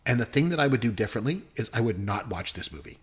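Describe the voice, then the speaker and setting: A man's voice: medium pitch, animated, quick pace, a little hiss or hum. A middle-aged man co-hosting a casual movie review podcast, joking and complaining with exaggerated gripes. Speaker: podcast co-host; professor.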